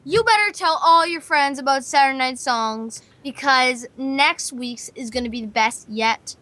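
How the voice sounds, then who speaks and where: Bubbly high-voiced woman, excited host. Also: a little slow, no echo. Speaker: host and singer. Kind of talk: casual chat on an internet radio show.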